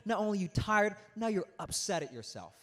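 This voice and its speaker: An animated young man delivering a motivational talk to young people. His voice sits a little high for a man, and he speaks with lively, storytelling energy, drawing the audience in with questions. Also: fairly quick. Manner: animated, interactive, storytelling with acted-out quotes.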